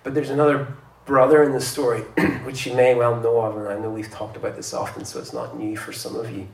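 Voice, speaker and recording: A man preaching a sermon in a conversational way, getting animated as he retells stories, heard in a church hall. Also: mid-range voice, a little fast. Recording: roomy, distant mic with faint ambience.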